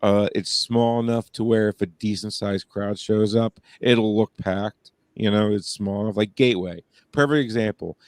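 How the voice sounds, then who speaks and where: A man chatting on a podcast, slightly low in pitch, who wanders through his stories with fillers, restarts and self-interruptions. His voice sits close and dry, with no room around it. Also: fairly even intonation, normal speed, hardly any pauses, dry recording. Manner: rambling, many fillers and restarts, laughs at own stories. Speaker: podcast co-host. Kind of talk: casual chat.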